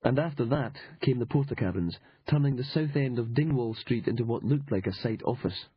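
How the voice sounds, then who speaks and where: A man's voice: medium pitch, fairly quick, lo-fi sound, slight background noise. A man reading an audiobook in a dry, sardonic storytelling manner. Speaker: audiobook narrator. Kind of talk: scripted narration.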